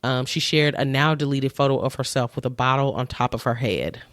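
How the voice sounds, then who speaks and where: Relaxed woman podcast co-host. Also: rumbling low, a little fast, dry recording, clean studio sound. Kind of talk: casual chat.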